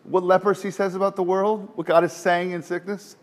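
A middle-aged male pastor preaching a sermon, animated, with rhetorical questions and sarcastic asides. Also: high-pitched, fairly quick.

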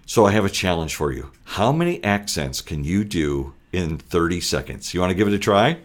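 A podcast host with a very low voice asks his guest questions. His manner is friendly and encouraging. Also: big pitch swings, moderate pace. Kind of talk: interview questions.

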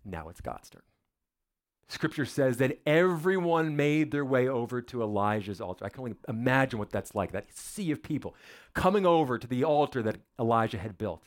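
Emphatic male preacher with a lively voice. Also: mid-range voice, moderate pace. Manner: dramatic, emphatic, with rhetorical questions and repetition. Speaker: pastor. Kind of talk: sermon.

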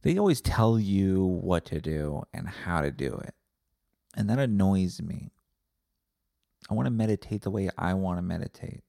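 Gravelly, sarcastic man ranting solo. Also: deep voice, lively intonation, normal speed, dark tone, dry recording, clean studio sound. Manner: sarcastic, profane, self-interrupting. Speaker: podcast host. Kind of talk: solo rambling podcast rant.

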